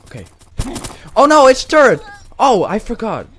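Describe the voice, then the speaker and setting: High, lively man joking through gameplay. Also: moderate pace, slight background noise. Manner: silly, exaggerated trash talk with mock-serious jokes. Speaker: gaming YouTuber. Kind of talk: playful gameplay commentary.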